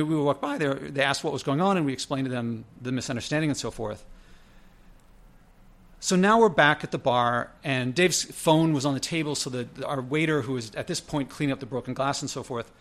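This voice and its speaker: A man casually telling a personal story, conversational with frequent fillers and self-corrections. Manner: lively, pitch jumps when quoting others. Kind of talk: casual spoken anecdote.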